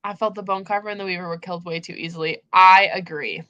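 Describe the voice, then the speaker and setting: A woman's voice: fairly low pitch, fairly even intonation, fast, pushed and bright, highs cut off. A young woman hosting a casual book chat livestream, gushing and emphatic as she talks through the story. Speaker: host.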